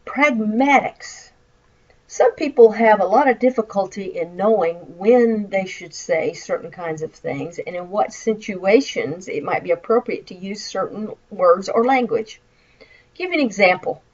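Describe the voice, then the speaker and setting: A woman's voice: medium pitch, animated, unhurried, dull audio. A woman with a Southern American accent, a college instructor giving a recorded lecture over slides and explaining with acted example phrases. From Midwestern United States.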